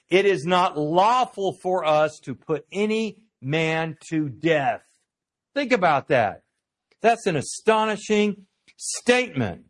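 A man preaching a sermon as a Bible teacher, earnest, stressing key words slowly, with frequent uh fillers and rhetorical questions to his listeners. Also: on the high side.

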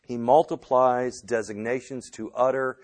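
A man teaching the Bible at an unhurried, deliberate pace, his voice sitting at an ordinary middle pitch. He speaks in a measured way, often pausing on small filler sounds as he gathers his points. He is teaching a lesson in a classroom with a board. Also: flat delivery.

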